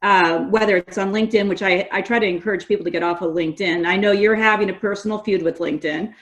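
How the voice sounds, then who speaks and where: A middle-aged woman from California, a guest on a podcast, talking in a lively, story-driven conversational way. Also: medium pitch, fast. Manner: animated storyteller, quotes others in lively voices. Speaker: guest, gas industry association representative.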